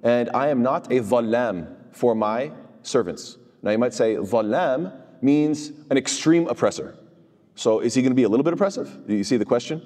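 A man's voice: medium pitch, moderate pace, a little mellow, long reverb tail. A man teaching a Quran commentary class in a conversational style. He keeps asking rhetorical questions and answering them himself, and he weaves recited Arabic verses into his English explanation. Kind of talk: conversational religious lecture.

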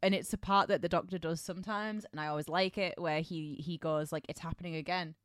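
A woman's voice: lowish voice, fairly even intonation, a little fast, no echo. Woman, podcast co-host, casual chat, filler-heavy, close dry mic. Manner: chatty, full of filler words.

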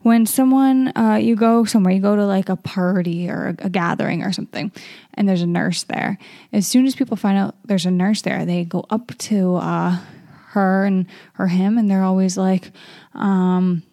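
A young woman reads a scripture passage aloud, then reflects on it in a loose, chatty way, trailing off into fillers and restarts. Her voice is mellow and a little gravelly. The sound is close and dry, with no room around it. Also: medium pitch, fairly even intonation, normal speed, no echo. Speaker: Bible reading host. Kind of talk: casual Bible reading and reflection.

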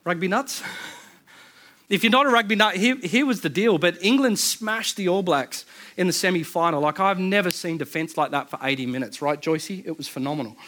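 Chatty man preaching a sermon, slightly high. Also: pushed and bright, slight background noise. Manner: conversational storytelling, quick asides and restarts. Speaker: pastor.

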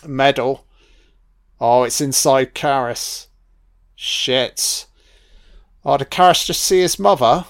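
A man giving a casual film commentary, musing aloud with plenty of swearing and fillers. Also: mid-range voice.

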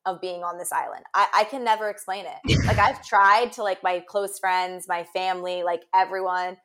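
A woman's voice: lowish voice, steady tone, normal speed, a bit bright. A young woman co-hosting a podcast, talking earnestly in a rambling, filler-heavy casual way. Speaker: podcast co-host. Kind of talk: casual chat.

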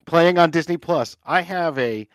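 A man's voice: on the high side, a little slow, smooth, dry recording, studio quality. A man co-hosting a podcast, recommending films with a joking, self-mocking manner. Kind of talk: casual podcast chat.

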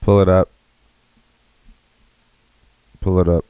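A man's voice: low-pitched, level tone, quick pace, smooth, no echo, muffled recording. A man hosting a podcast, ranting in a profane, mocking way. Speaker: podcast host.

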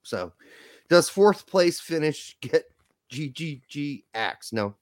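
A blunt, foul-mouthed man co-hosts a casual livestream. His voice sits a little high and swings widely in pitch. The recording is close and dry. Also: very animated, slow, no room sound. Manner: blunt, profane, joking. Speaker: podcast co-host.

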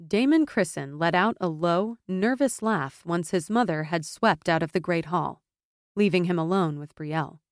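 A woman narrating a fantasy audiobook in a measured, steady way. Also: lowish voice, no echo, studio quality.

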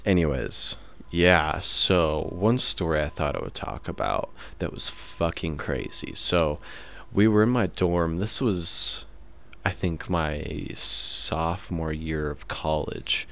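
A man's voice: very deep voice, animated, takes it slowly, gravelly, a bit bright. A young man in his twenties, hosting his own podcast and telling stories in a laid-back, swear-heavy way, full of fillers. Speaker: podcast host. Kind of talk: casual storytelling monologue.

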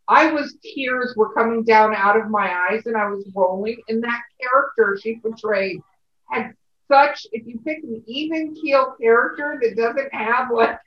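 A woman's voice: a little high, fairly bright tone, muffled recording. Chatty woman, distant roomy mic. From California. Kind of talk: casual chat.

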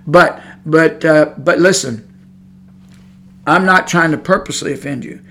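A man's voice: fairly high pitch, measured pace, bright, forceful tone. A man preaching a sermon on his podcast, talking in a fired-up, conversational way and repeating his points.

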